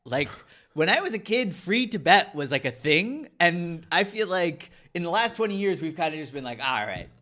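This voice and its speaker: A man's voice: high voice, big pitch swings, sharp tone. An American man hosting a podcast, chatting casually and joking. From United States. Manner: joking, quick, self-deprecating. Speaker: podcast host.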